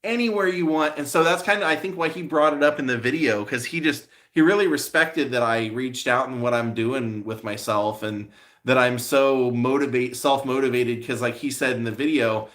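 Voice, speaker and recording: A man with a bright, forward voice of middle pitch talks casually to his live stream. He rambles easily, leans on fillers, and answers viewers' comments as they come in. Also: normal speed.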